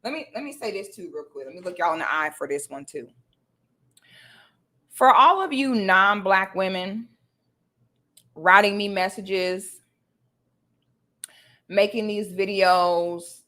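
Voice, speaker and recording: A woman's voice: medium pitch, measured pace, long pauses, pushed and bright. A woman talking straight to her viewers in a confrontational casual rant, full of sassy asides and repeated "okay?" tag questions. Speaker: vlogger.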